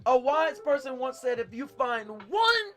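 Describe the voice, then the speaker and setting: A male pastor, telling a story in a sermon, animated and swinging between loud and hushed. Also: very high-pitched, unhurried.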